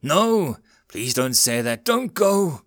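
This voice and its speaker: A frantic young man begging his friend not to die, put on by a male storyteller. The voice jumps high and strains with tearful pleading. Recorded close and dry. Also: big pitch swings, takes it slowly, a bit bright, dry recording, exaggerated voice. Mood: panicked.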